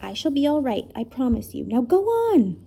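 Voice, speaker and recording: A woman voicing a brave, gentle old male professor in a storybook reading, speaking in a measured, formal way. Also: fairly high pitch, vocal fry, noisy background. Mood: defiant.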